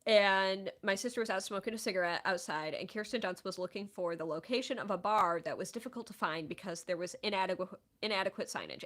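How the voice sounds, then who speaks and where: A woman in her thirties hosting a casual chat stream, telling stories in an animated, chatty way. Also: mid-range voice. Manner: chatty, animated storytelling with laughs.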